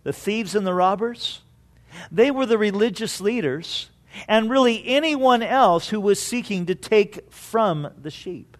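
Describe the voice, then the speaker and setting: A man preaching a sermon in a storytelling way, slowing down and going quiet on key points. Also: high-pitched, expressive. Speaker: pastor.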